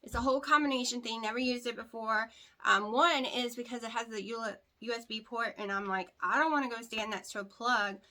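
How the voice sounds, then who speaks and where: At home indoors, a keto weight-loss vlogger with a rural American country accent talks candidly and bluntly to a camera set on a tripod with a light, repeating herself for emphasis. Her fairly high voice is bright and forceful, with fairly even intonation and a slightly fast pace.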